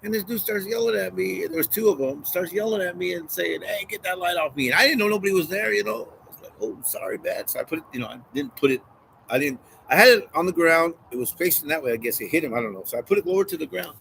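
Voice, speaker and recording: A man's voice: high voice, expressive, fast talker, creaky, fairly bright tone, a little hiss or hum, low-quality recording. A man casually talking through a Bible passage and reading it aloud, rambling and repeating phrases. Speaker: street preacher.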